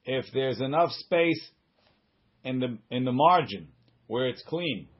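A man's voice: mid-range voice, expressive, measured pace, dull audio. A man teaching a Talmud class, reading the Hebrew and Aramaic text and explaining it in English with frequent restarts and side remarks.

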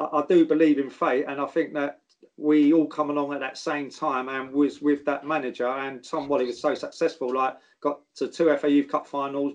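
Middle-aged South London man, ex-footballer, animated and sweary storyteller, slightly high voice. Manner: animated, swears, mimics others in stories. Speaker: guest, former footballer. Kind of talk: casual storytelling chat.

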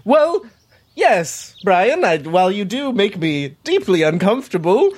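Guy doing a jittery crybaby goose, squeaky and rushed. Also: big pitch swings, noisy background. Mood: uneasy. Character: jumpy, weepy male goose.

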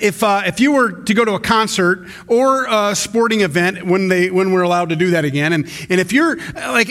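Pastor guy preaching, pretty high voice, chatty and animated, lots of restarts. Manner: conversational, animated, frequent restarts. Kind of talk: sermon.

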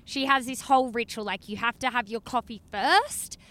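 A woman's voice: fairly high pitch, moderate pace, fairly bright tone. A young woman, co-hosting a casual chat, telling stories against herself and swearing casually. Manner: self-deprecating storyteller, swears casually. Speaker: podcast co-host. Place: inside a car. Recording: car recording with road noise.

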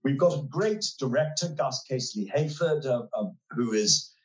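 A man's voice: mid-range voice, lively intonation, moderate pace, muffled recording. A man in his sixties, an interview guest telling stories in an articulate, wry way with frequent hesitations. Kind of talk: relaxed conversational interview. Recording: roomy echoey sound.

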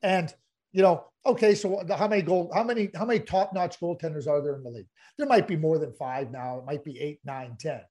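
A man's voice: fairly high pitch, fairly quick. A middle-aged man co-hosting a hockey podcast, telling stories in casual chat and often repeating words as he gets going. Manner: storytelling, animated, repeats words. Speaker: podcast co-host, former hockey executive.

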